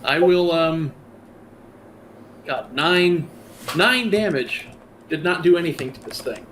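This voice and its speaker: A man's voice: a little high, lively intonation, takes it slowly, a bit bright, a little hiss or hum. A man playing a tabletop role-playing game, talking casually with dry amusement. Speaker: player.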